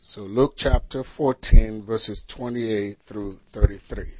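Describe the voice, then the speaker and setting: A man's voice: lowish voice, fairly even intonation, dark tone, slightly rough, no echo. A man preaching as a pastor, reading scripture and quizzing his congregation with questions. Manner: slow, deliberate delivery with rhetorical questions to the congregation.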